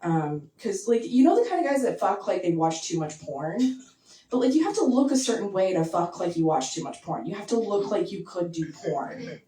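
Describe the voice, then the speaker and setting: Deadpan woman doing stand-up. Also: mid-range voice, normal speed. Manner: deadpan, conversational, full of likes and ums. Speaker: stand-up comedian. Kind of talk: stand-up set. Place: basement comedy venue with audience. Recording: echoey basement, mic heard from a distance.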